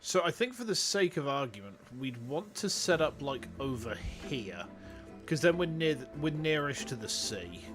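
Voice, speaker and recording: Playing a city-building game, this young VTuber from Yorkshire talks casually and rambles on to his chat. He sounds a little high and very animated, moving at a moderate pace with a somewhat bright tone over faint music.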